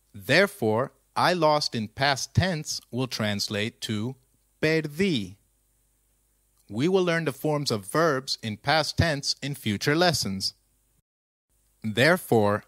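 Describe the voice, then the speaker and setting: A man's voice: medium pitch, a bit bright, no echo, clean studio sound. A man narrating a scripted language lesson, posing quiz questions patiently and walking through each answer. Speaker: language teacher.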